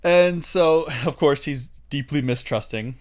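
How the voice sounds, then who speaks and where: A man's voice: on the high side, a little slow. A man co-hosting a casual livestream, retelling a film scene by scene, acting out lines in funny voices and laughing often. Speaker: co-host recapping a film.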